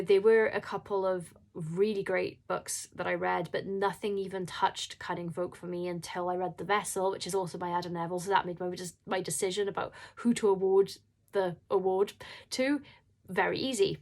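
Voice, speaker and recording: A woman's voice: fairly low pitch, creaky. A woman who is an indie horror author, talking casually to camera in an emotional, rambling and apologetic way. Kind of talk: casual vlog talk.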